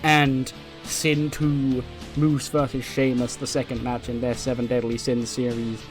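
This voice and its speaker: A man's voice: mid-range voice, flat delivery, measured pace, over music. A man hosting a let's play, narrating a wrestling simulation game in a casual, chatty way and recapping the storylines.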